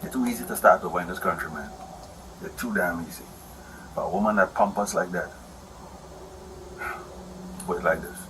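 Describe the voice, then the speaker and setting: A man's voice: deep voice, moderate pace, pauses often, bright, forceful tone, slight background noise, poor audio. A man rambling in an aggrieved, repetitive way as he complains to an officer about a domestic dispute. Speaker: husband explaining a domestic dispute. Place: indoors at a house.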